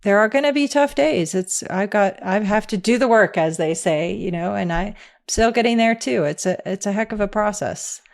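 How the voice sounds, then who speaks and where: A woman's voice: mid-range voice, animated, normal speed, vocal fry. This is a middle-aged woman, speaking in a mid-range voice. She is a guest in a candid interview and talks in an earnest, reflective way. She laughs easily between her thoughts.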